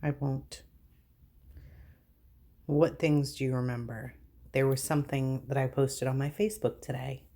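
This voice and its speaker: A woman vlogging casually, reading items aloud and reacting with exasperated disbelief. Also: a bass voice. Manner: incredulous, exasperated, animated reactions.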